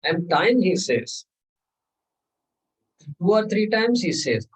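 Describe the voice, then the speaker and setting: Husky man teaching scripture. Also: high-pitched, sing-song, slow pace, long pauses, recorded from a distance, low-quality recording. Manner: discursive, rhetorical questions, chanted Sanskrit verses. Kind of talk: lecture on scripture.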